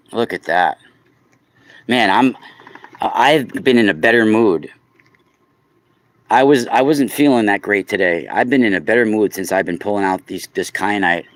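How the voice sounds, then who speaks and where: A man chatting casually on a livestream, exclaiming loudly and talking straight to his viewers while selling crystals. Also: lowish voice, dry recording. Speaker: crystal seller and podcaster. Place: indoors at home.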